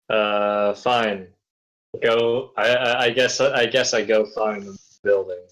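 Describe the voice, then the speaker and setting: A man's voice: lowish voice, steady tone, takes it slowly, a bit bright, rough recording. A man playing a tabletop game, hesitant and trailing off as he decides. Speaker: player. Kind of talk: tabletop role-play.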